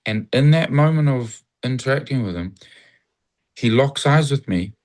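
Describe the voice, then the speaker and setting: A New Zealand guest with a New Zealand accent talks casually in an interview, rambling and reflecting, and acts out cheerful greetings. His mid-range voice has a darkish tone and lively intonation at a normal speed.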